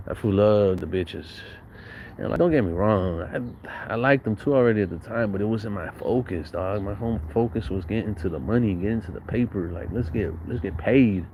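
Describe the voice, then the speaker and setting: A man with a lowish voice tells a loose, rambling story. His talk is full of street slang and swearing, and he often restarts a thought midway. The delivery stays relaxed and conversational throughout. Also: moderate pace, dull audio, a little hiss or hum. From San Bernardino, Southern California. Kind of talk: casual storytelling.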